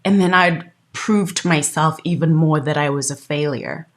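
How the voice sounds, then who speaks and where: A woman podcast host telling a personal story in a candid, emotional, animated way. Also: sits low, normal speed.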